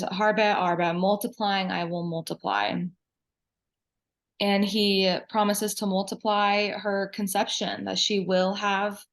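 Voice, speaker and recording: Flat-voiced woman teaching scripture. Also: lowish voice. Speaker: podcast co-host. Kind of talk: Bible teaching.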